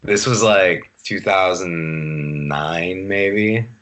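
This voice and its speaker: A man in his late twenties talks casually as a podcast guest over a video call, laid-back, rambling and swearing freely. His voice is low and fairly bright, and he draws out his words.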